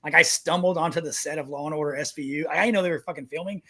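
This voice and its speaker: A man's voice: on the high side, steady tone, rapid-fire, a bit bright, husky. A man co-hosting a podcast, telling rowdy stories in casual chat and swearing freely. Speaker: podcast co-host, veteran.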